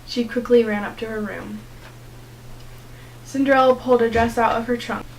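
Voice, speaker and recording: A woman's voice: on the high side, fairly even intonation, normal speed, slight background noise, rough recording. Young woman reading a children's storybook. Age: teens. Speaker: student reader. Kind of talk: children's story read-aloud.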